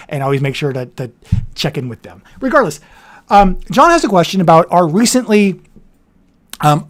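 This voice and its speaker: A livestream host of a board game show, chatting casually and rambling with frequent self-corrections. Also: mid-range voice. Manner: says their voice turns nasal on camera.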